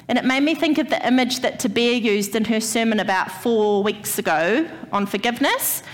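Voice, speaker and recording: A woman's voice: fairly high pitch, long reverb tail. A woman gives a church sermon, telling a personal story and speaking straight to the congregation. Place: church hall.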